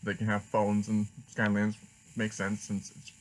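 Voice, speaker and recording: A man sharing a fan theory in a casual vlog, rambling and halting with many restarts. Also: fairly low pitch, monotone, low-quality recording. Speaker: fan vlogger.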